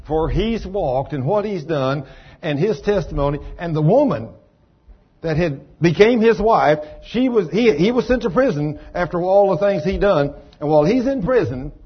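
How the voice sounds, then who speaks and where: A man preaching a sermon, telling a testimony in a folksy, animated way and acting out voices. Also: high voice, slightly rough, muffled recording. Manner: folksy, animated, acts out voices and shouts for emphasis.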